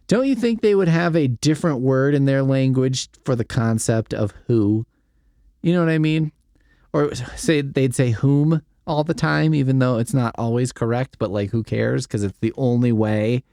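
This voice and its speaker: A man hosting a solo comedy podcast, mocking a story he reads out loud with sarcastic disbelief and casual swearing. His voice swings widely in pitch as he riffs. The sound is dry and close, with no room behind it. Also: lively intonation, moderate pace, dry recording. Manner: sarcastic, incredulous, swears casually, breaks off reading to riff. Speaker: podcast host.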